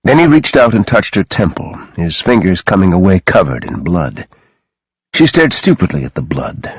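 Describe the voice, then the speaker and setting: A man reading an audiobook in a dramatic, expressive way, close to the mic. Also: sits low, moderate pace, slightly rough, no echo, low-quality recording. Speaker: audiobook narrator. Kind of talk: scripted audiobook narration.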